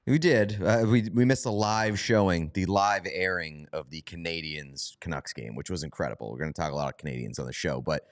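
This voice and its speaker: A man's voice: sits low, a little fast, few pauses, no echo, clean studio sound. A man co-hosting a sports podcast in casual chat, rambling and laughing at his own bits. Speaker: podcast co-host.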